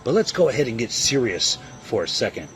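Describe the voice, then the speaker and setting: A man's voice: medium pitch, big pitch swings, fairly quick, a bit bright, a little hiss or hum. A man cutting a trash-talking wrestling promo, boastful and taunting, heaping insults on his opponent. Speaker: online wrestling league competitor.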